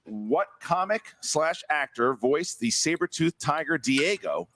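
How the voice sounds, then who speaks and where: A man's voice: fairly high pitch, expressive, a bit bright, no echo. A man co-hosting a movie trivia match, asking the questions, counting down and calling answers right or wrong. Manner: brisk countdowns, blunt swearing. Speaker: trivia game show co-host.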